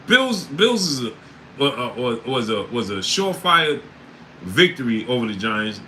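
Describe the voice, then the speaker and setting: Male stream host, bright and animated, prone to loud bursts of disbelief. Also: medium pitch, a little slow, slight background noise, rough recording. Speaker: sports livestream host. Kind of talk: casual livestream chat.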